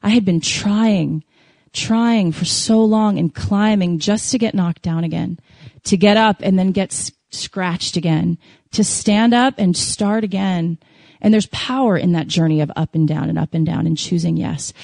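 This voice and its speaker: A woman sharing an emotional faith testimony to a congregation, telling it as a lively story and acting out her prayers. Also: on the low side, unhurried, gravelly, no room sound. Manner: animated, emotional storytelling with laughs and acted prayers. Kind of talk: sermon testimony.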